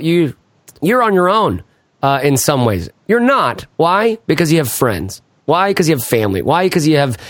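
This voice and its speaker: A man hosting a podcast in a casual, energetic monologue, playful and hamming it up, and often asking "right?" and "why?" as he talks. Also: on the high side, dry recording, studio quality. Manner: playful, hams it up. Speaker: podcast host.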